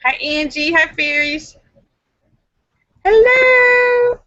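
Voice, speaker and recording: Bubbly high-voiced woman on a live stream. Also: a little slow, no room sound, highs cut off. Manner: animated storyteller, squeals and exclamations, greets viewers. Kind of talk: casual live-stream chat. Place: home in the city.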